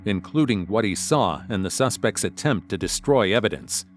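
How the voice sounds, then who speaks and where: A man reading scripted true-crime narration in a flat, matter-of-fact way. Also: on the low side, moderate pace, a little hiss or hum. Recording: narration over music.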